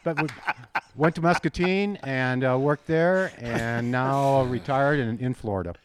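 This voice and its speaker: A man in his seventies from South Dakota, a podcast guest chatting casually, good-humoured and self-deprecating, halting with fillers. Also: mid-range voice, heavy background noise. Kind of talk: casual chat.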